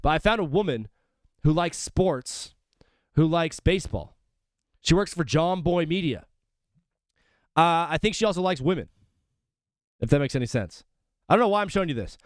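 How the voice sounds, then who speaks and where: A man's voice: on the high side, expressive, moderate pace, pauses often, no echo, studio quality. A young man hosting a live sports stream, chatting loosely and jokingly with viewers and calling them brother. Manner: rambling, jokey, calls viewers brother. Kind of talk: casual live-stream chat.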